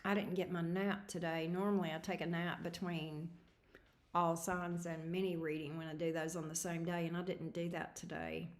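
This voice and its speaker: A woman's voice: on the low side, level tone, normal speed. A woman hosting a tarot livestream, chatting casually with viewers in a snarky, laughing way, tired. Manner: snarky, laughing, reading chat messages aloud.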